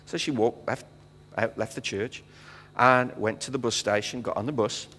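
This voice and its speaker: British man, middle-aged missionary guest preacher; animated storyteller, mid-range voice, recorded in a reverberant sanctuary. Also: mid-range voice, normal speed, breathy edge. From Britain. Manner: animated storyteller acting out dialogue, frequent fillers. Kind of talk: storytelling sermon. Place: church sanctuary. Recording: long hall reverb.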